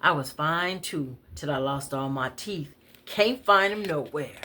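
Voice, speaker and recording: A woman's voice: low-pitched, lively intonation, measured pace, pushed and bright, a little hiss or hum, full character voice. Woman doing a joking toothless old man. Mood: playful. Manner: playful, flirting.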